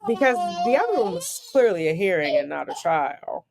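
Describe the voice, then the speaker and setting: A woman's voice: fairly low pitch, huge pitch swings, moderate pace, gravelly, a little mellow. A woman reading court filings aloud and breaking off into dry, sarcastic commentary. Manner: sarcastic, dryly incredulous asides. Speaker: online commentator.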